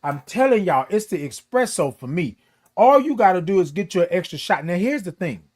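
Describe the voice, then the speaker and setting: Man hosting a home livestream, high and playful, chatty with viewers. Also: sing-song, normal speed, darkish tone. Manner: playful, greets viewers by name, drawls. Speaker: morning show host. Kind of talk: casual livestream chat. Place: home with Christmas decorations. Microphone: camera close to face.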